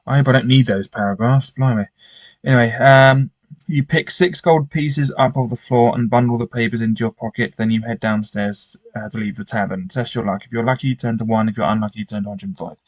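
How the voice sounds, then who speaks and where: A man's voice: mid-range voice, a little fast, no room sound. A man reading a gamebook aloud with commentary, often stumbling and restarting his sentences. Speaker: gamebook player.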